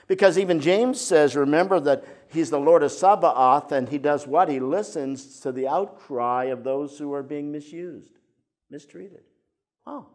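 An older man preaching a sermon as a pastor, moving between emphatic points and soft, intimate asides. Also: a little high. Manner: expressive preaching, drops to soft intimate tones.

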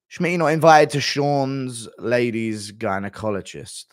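A man streaming live and reading chat messages aloud, crude and deadpan with mumbled asides. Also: mid-range voice, moderate pace, hardly any pauses, no room sound, clean studio sound.

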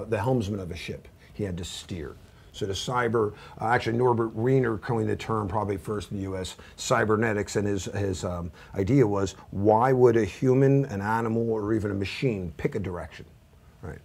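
A man's voice: on the low side, vocal fry, darkish tone, breathy edge. A man in his fifties giving an informal, rambling training lecture, full of asides and self-deprecating jokes. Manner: rambling anecdotal, self-deprecating, many fillers and restarts. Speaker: cybersecurity instructor.

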